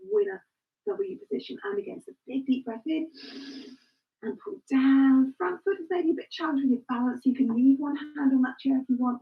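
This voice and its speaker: Woman fitness instructor, high voice, far from the mic, kinda muffled. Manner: encouraging, cueing breaths and counts. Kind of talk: live exercise class instruction. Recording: distant, dull lo-fi live stream.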